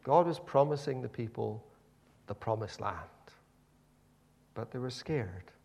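A man's voice: medium pitch, unhurried, gravelly, a little mellow, breathy edge. A man preaching a sermon, telling the story animatedly with many repeated words and restarts.

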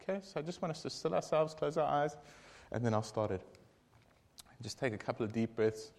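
Rambling, animated man leading a devotion. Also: mid-range voice, fairly quick, creaky. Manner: rambling, animated, with many fillers and asides. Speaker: group devotion leader. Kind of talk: casual joke telling and devotion intro.

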